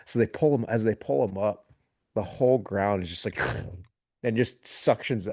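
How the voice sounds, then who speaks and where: A man, a military veteran, telling a story on a podcast in a casual, animated way and laughing as he goes. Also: on the low side, normal speed, no echo, studio quality.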